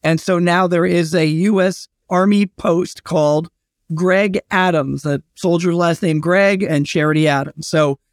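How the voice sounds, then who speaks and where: A man, a historian and guest, telling anecdotes in a relaxed interview, with many fillers and restarts. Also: a little high, unhurried, dry recording, studio quality. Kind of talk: casual storytelling interview.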